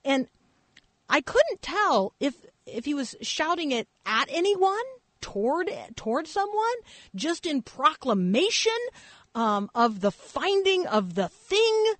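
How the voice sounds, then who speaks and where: A woman's voice: high-pitched, takes it slowly, dry recording. A woman pastor tells a story in a loose, conversational sermon, with plenty of fillers. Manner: casual, animated storytelling with fillers.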